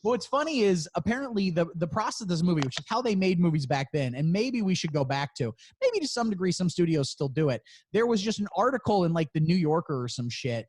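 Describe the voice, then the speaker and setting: Fast-talking and nearly pause-free, this podcast co-host has a high-pitched, darkish voice with big pitch swings. He keeps the casual chat profane and jokey, laughing often.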